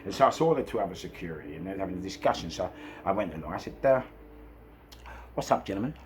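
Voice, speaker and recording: Animated London man telling stories. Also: low voice, racing, slight background noise. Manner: animated, laughs often, swears freely. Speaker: former nightclub security boss. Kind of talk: storytelling anecdote. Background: background music.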